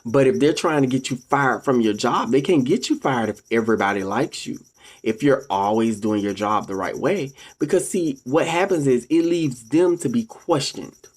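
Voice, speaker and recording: The voice is slightly rough and moves at a moderate clip as a vlogger talks straight to the camera. It's informal but preachy, peppered with "ladies and gentlemen," and quoted figures are voiced in a louder, higher tone.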